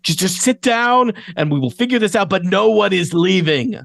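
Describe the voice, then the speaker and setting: A fussy museum curator, as a man puts him on for a tabletop game, with a high, strained voice that pleads for calm. The tone is dry and close, with a gravelly edge underneath. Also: normal speed, no echo, full character voice. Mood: anxious. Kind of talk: tabletop role-play voice acting.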